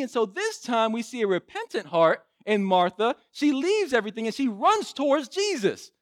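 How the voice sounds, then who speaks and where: A male preacher with a high voice tells a scripture story in an animated way, his pitch swinging widely. The sound is dry and close, with no room echo. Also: normal speed, few pauses. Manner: animated retelling, frequent restarts. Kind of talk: sermon storytelling.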